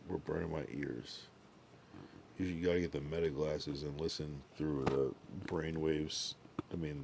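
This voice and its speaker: A man's voice: deep voice, creaky, dark tone, slight background noise. A young man livestreaming, chatting casually with viewers in a laid-back, drowsy way, full of slang and loose asides, yawning now and then. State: sleepy, yawning. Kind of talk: casual livestream chat reading viewer comments.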